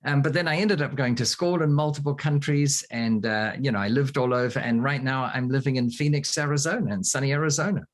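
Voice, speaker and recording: A man's voice: mid-range voice, a little fast, hardly any pauses. A man in his sixties from New Zealand with a New Zealand accent, telling wry stories as an interview guest over a remote call. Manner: wry, anecdotal. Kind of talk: storytelling interview answers.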